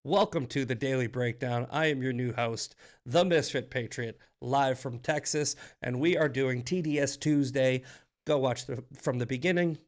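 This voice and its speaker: A man's voice: mid-range voice, moderate pace. A man hosting a live political commentary stream, fired-up and profane, often restarting his sentences. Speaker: host.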